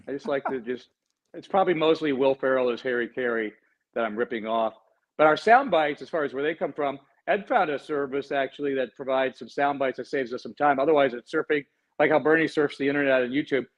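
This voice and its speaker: A male sports radio host talking into a studio mic, quick and playful, ribbing his co-hosts. His voice sits at a middling pitch, and the audio is a little dull and muffled. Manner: joking, quick and lively. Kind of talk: casual radio sports banter. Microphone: studio microphone.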